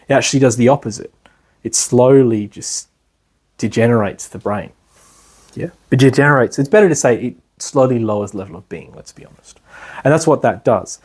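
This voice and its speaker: A man's voice: medium pitch, darkish tone, husky. A man giving a class as an instructor, talking loosely with many fillers and restarts. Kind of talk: lecture.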